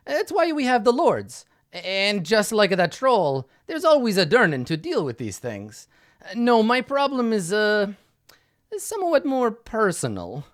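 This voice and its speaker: A man's voice: high voice, voice pushed up, full character voice. A man voicing a nervous, somewhat cowardly middle-aged male author who stammers and talks in fussy, polite phrases. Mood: fretful.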